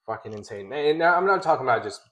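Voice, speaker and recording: Relaxed co-host, man in his thirties, mid-pitched voice, casual and profane. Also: fast. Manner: laid-back, swears a lot, laughs often. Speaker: podcast co-host. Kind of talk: casual chat.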